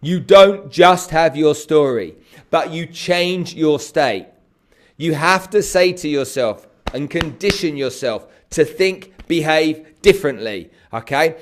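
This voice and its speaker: An energetic man, hosting a live stream to viewers and often checking in with "okay?". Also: fairly high pitch. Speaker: host.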